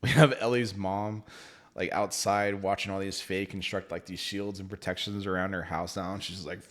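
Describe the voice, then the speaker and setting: A man casually reviewing a book, animated and laughing often, with the odd swear word. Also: sits low, normal speed.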